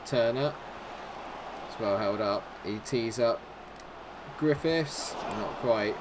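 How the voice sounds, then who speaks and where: Excitable man commentating his game. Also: medium pitch, takes it slowly, noisy background. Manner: excitable football-style commentary, shouts at goals. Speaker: gaming YouTuber. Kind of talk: live gameplay commentary.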